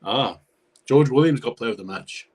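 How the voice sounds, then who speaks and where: A man's voice: mid-range voice, moderate pace, breathy edge. A man giving chatty live reaction commentary on a rugby league match, talking to his viewers. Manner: chatty, excitable, talks to viewers.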